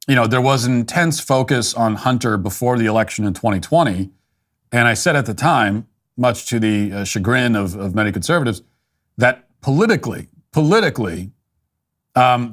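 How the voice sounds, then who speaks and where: A man's voice: mid-range voice, a bit bright. A male political commentator giving a blunt, opinionated monologue, often restarting his sentences. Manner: blunt, dismissive, frequent restarts and fillers.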